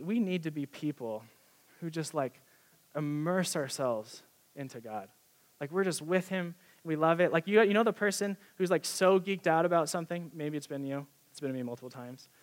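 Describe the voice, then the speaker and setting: A young man preaching a sermon in a casual, excited, conversational way, with many fillers. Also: a little high, normal speed.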